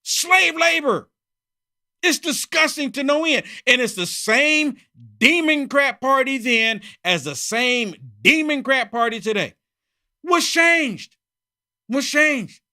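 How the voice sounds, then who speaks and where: A man's voice: very high voice, bright, forceful tone. A man hosting a heated political opinion monologue, repeating himself and mocking opponents. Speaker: political commentary host.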